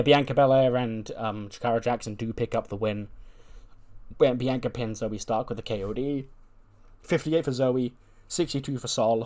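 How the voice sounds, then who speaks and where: A man casually narrating a wrestling game, retelling each character's promo in quick, filler-heavy speech. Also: mid-range voice, a little mellow. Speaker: let's-play narrator.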